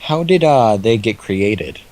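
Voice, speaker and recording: A man's voice: on the low side, animated, slow pace, a little mellow. A man chatting casually beside a friend's gameplay, telling rambling stories and cracking jokes. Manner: joking, rambling storyteller. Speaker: co-commentator. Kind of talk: casual chat over gameplay.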